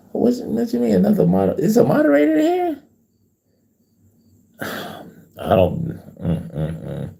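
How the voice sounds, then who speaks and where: Middle-aged male livestream host, casual and encouraging, low mellow voice. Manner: reads viewer comments aloud, encouraging, repeats names. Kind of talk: casual faith livestream chat.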